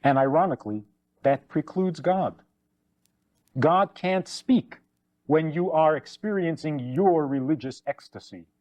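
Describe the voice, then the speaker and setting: Male rabbi lecturer, slightly high voice, emphatic and lively delivery. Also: measured pace, muffled recording. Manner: animated, acts out anecdotes with shifting voices; emphatic repetition. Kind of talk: spoken lecture on faith.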